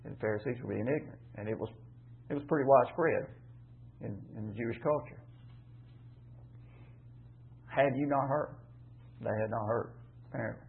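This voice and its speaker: A man's voice: mid-range voice, normal speed, gravelly, pauses often. A man teaching a Bible passage in a conversational sermon, emphatic and repetitive, asking rhetorical questions. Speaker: preacher teaching scripture. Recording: tinny phone-like line.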